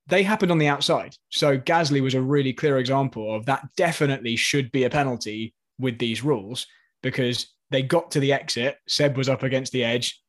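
A man guesting on a casual podcast in a mid-range voice. He explains things in a measured, analytical way, sometimes restarting his sentences. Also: mid-range voice. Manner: measured, explanatory, repeats starts.

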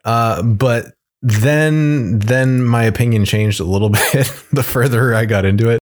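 A man's voice: mid-range voice, measured pace. A man co-hosting a casual game review podcast, talking in a thoughtful, meandering way. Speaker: podcast co-host.

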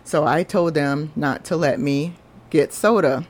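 A woman's voice: deep voice, a little slow, darkish tone. Earnest woman telling her story. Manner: earnest, confessional, chatty. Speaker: podcast host. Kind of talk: casual personal storytelling.

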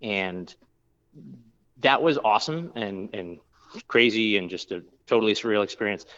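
Male brewer, casual interview guest, low voice, rambling with fillers, slightly muffled recording. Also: expressive, moderate pace, a bit bright. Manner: rambling, with many fillers and restarts.

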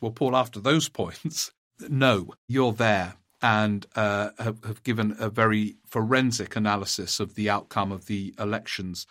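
A man hosting a political talk show, giving measured commentary and reading out listener emails, with frequent small pauses. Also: lowish voice, fairly bright tone. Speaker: podcast host.

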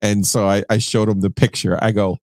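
A man co-hosting a sports podcast, telling a story in relaxed casual chat. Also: on the low side, fairly quick, no room sound, clean studio sound. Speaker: podcast co-host.

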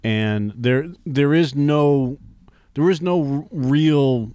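A blunt man co-hosting a casual movie review podcast, with a smooth, resonant voice in a dry, close room. He swears freely and cuts in on his partner. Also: mid-range voice, slow pace, warm tone, no echo.

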